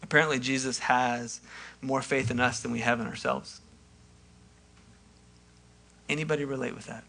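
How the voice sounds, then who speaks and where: A man preaching a sermon in a conversational way, acting out quoted lines and swinging from loud to hushed. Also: medium pitch, fairly even intonation, moderate pace, creaky, pauses often. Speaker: pastor.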